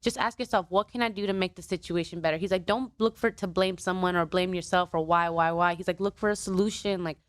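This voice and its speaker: A woman with a smooth, clear voice talks openly in a relaxed podcast chat, with a casual swear here and there. The mic is close and dry. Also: fairly low pitch, fast, few pauses, dry recording. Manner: candid and chatty, swears casually. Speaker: podcast guest.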